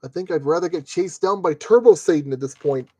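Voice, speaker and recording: A man with a mellow, darker tone keeps up a running commentary while he streams a model kit build. He grumbles at fiddly parts and jokes to himself as he works, in the loose way of a live stream. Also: on the high side, fairly quick, slightly rough, no room sound. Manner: grumbling, joking self-talk while working.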